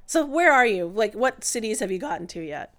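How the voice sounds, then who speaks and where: A woman with a fairly high voice co-hosts a casual podcast. She talks in an opinionated, chatty way, full of "like" and "I mean". She sounds eager to argue her view. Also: very animated, brisk, a bit bright. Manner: chatty and opinionated, with lots of fillers. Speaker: podcast co-host. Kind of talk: casual chat.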